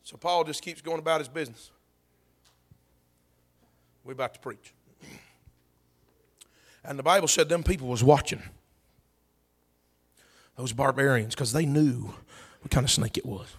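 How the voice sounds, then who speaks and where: A man preaching a sermon, telling a story with animation, bursts of shouting and laughter. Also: mid-range voice, unhurried, long pauses, breathy edge.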